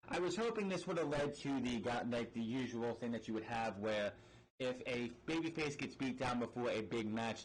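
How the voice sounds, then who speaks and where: Rattling through a wrestling recap, a reviewer speaks in a mid-range voice, blunt, sarcastic and full of swearing, fillers and restarted sentences. The audio is poor, with slight background noise.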